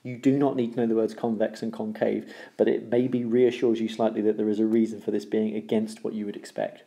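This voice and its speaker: A man's voice: lowish voice, level tone, fairly quick. A man teaching a recorded maths lesson, explaining step by step, repeating the key rules and checking in with "okay?". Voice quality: gravelly, dark voice.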